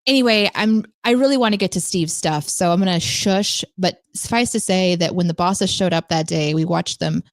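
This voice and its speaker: Chatty woman co-host, low and dry. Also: normal speed, few pauses, no room sound. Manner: chatty, laughs often, storytelling. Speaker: podcast co-host. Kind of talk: casual chat.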